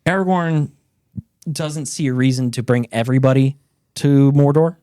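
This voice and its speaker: A man casually retelling a book's plot on a podcast, animated and profane, acting out the characters' lines. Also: medium pitch, moderate pace, smooth, no echo, clean studio sound. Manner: animated storyteller, swears freely, acts out characters. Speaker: podcast host retelling a book. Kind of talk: casual chat.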